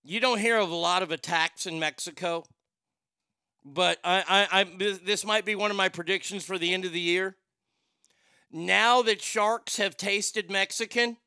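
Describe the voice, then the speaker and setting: A man in his fifties hosting a radio talk show, telling stories in a loud, joking, rambling way into a studio microphone. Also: sits high, smooth, no echo. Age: 50s.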